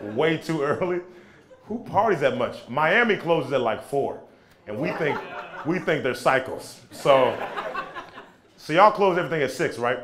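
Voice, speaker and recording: A young American man doing stand-up, doing animated, playful crowd work and talking back to the audience. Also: fairly high pitch, unhurried. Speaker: stand-up comedian. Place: comedy club stage before a live audience. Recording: live club recording with audience laughter. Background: audience laughter.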